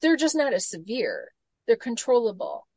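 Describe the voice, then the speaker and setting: A woman in her forties, a gut health coach, telling stories with lively acted-out quotes in a casual interview. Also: fairly high pitch, moderate pace, breathy edge, no room sound. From Michigan, United States. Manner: animated storytelling, acts out quoted voices.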